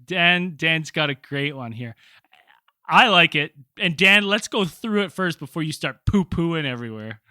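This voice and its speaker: Bright-voiced man telling a rambling story. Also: fairly high pitch, animated, measured pace, no room sound, clean studio sound. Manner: rambling, laughs often, heavy "like" fillers. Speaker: podcast host. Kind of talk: casual storytelling chat.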